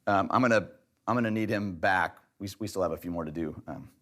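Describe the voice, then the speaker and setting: A man's voice: low-pitched, fast, a bit bright. Man teaching a church relationship class. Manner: direct, lightly humorous, conversational teaching.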